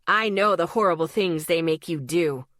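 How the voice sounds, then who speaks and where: A woman's voice: on the low side, moderate pace, a bit bright, dry recording, studio quality, lightly acted. Woman voicing an obsessive, menacing stalker. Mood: possessive. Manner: possessive, growling. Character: obsessive menacing young man on the phone.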